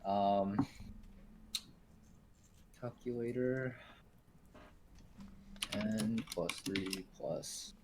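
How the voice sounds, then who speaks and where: A man's voice: fairly low pitch, fairly even intonation, extremely slow, pauses often, background noise. A man playing in a tabletop game, hesitant, adding up his dice rolls aloud. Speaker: player.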